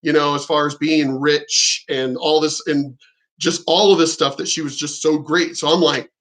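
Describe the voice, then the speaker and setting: A man's voice: fairly high pitch, fairly even intonation, moderate pace, a bit bright. A middle-aged man vlogging, telling a frank, profane and rambling story about his sex life. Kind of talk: candid storytelling monologue.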